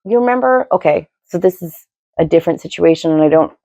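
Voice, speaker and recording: A middle-aged woman co-hosting a podcast, chatting in a rambling, opinionated way, with sudden jumps in pitch. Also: expressive, fast talker, creaky, dark tone, dry recording, muffled recording. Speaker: podcast co-host. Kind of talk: casual opinionated chat.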